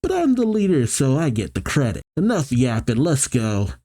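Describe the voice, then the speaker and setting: A man's voice: mid-range voice, huge pitch swings, normal speed, warm tone. A man voicing a cocky, boastful male bird gang leader from a comic, reading him aloud. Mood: bossy. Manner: bossy, boastful.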